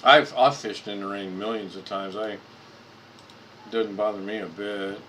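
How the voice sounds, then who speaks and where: A man's voice: fairly low pitch, fairly even intonation, moderate pace, sharp tone, a little hiss or hum, rough recording. A man hosting a casual live stream, rambling and repeating words as he clicks through photos at his computer.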